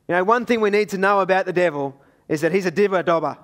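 A man's voice: high-pitched, fast, fairly bright tone. A man with an Australian accent preaching a sermon in a conversational, storytelling way.

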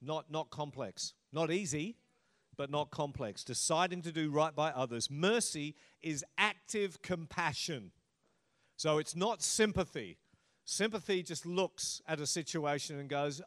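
A middle-aged male pastor preaches a sermon in a relaxed, chatty way, slipping in light humour as he explains his points. His voice sits a little higher than most men's. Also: unhurried. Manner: conversational and humorous preaching.

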